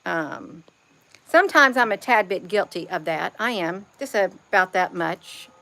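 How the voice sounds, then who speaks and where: A woman's voice: fairly low pitch, lively intonation, measured pace, bright, forceful tone. A woman talking to her viewers in a loose spiritual monologue, repeating her phrases and saying "you all" to the viewers. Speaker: vlogger.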